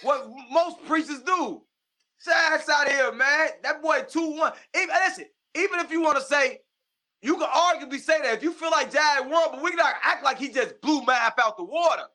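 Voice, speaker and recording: Brief: argumentative male co-host, high and bright in tone. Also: moderate pace. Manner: argumentative, laid-back slang. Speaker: podcast co-host. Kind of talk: casual battle rap chat.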